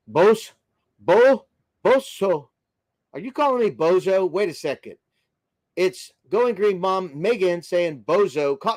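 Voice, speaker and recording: A man's voice: high-pitched, darkish tone, dry recording, studio quality. An American man hosting a casual livestream, greeting viewers by name and chatting through their comments in a friendly, rambling way. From United States. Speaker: livestream host.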